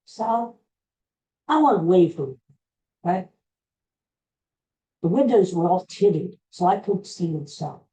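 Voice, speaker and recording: Man, unhurried and halting, recounts a memory with many restarts; soft, dark tone. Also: sits high, expressive, low-quality recording. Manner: rambling, halting retelling with restarts. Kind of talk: personal storytelling.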